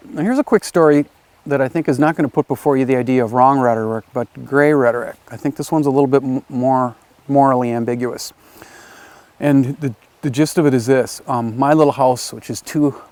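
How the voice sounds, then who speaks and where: Man telling a lively class story. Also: mid-range voice, dry recording. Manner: conversational, lively retelling with acted quotes. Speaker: teacher. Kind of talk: storytelling lecture for a video class. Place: his home area in the countryside.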